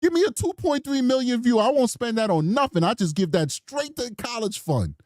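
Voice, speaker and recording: Animated, slangy male true crime commentator. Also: very high-pitched, a little fast, no room sound, studio quality. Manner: rambling, slangy, animated storytelling. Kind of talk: casual reaction commentary.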